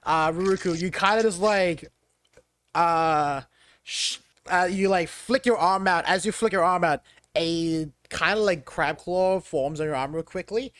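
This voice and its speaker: A high-pitched man runs a tabletop game, narrating in loose, rambling bursts full of "like" and laughter. The sound is dry and close, with no room around it. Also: normal speed, fairly bright tone, no room sound. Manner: rambling, laughing, voicing NPCs with high squeals. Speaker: game master.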